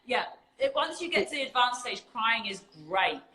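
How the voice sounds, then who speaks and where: A woman's voice: fairly high pitch, lively intonation, moderate pace, reverberant, crowd noise, poor audio. A woman hosting a casual livestream chat on spiritual topics, talking emphatically and laughing often. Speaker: spiritual community host.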